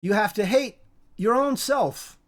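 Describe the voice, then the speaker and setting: A Bible teacher giving an informal spoken lesson, halting and repetitive, often restarting words and repeating points for emphasis. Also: mid-range voice.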